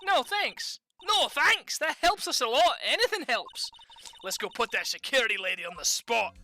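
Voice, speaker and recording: Lady putting on a peppy sidekick girl, high and super bright. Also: very animated, moderate pace, exaggerated voice. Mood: eager.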